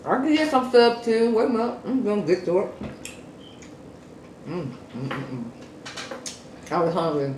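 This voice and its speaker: Between mouthfuls, this man doing a mukbang eating video talks casually to his viewers, slow and relaxed, letting out plenty of contented hums. He has a high-pitched voice, and the recording comes from an echoey room with faint background noise.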